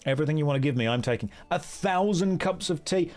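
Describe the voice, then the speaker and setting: A man streaming a game and commenting casually, with wry, rambling and quick talk full of jokey asides. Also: on the high side, animated, darkish tone, faint music behind.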